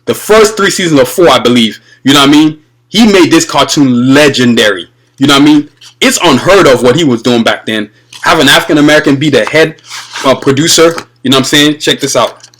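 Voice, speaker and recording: A young man hosting his own show, chatting casually and excitedly to his viewers about cartoons, rambling and calling them y'all. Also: a little high, slight background noise, rough recording. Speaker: video podcast host. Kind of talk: casual fan commentary.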